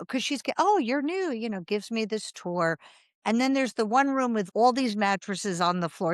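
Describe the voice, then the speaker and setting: A woman's voice: lowish voice, no room sound, clean studio sound. A woman in her fifties, a writer, telling a long, rambling anecdote in a casual interview, acting out quoted dialogue and laughing along the way. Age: 50s. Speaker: guest, writer.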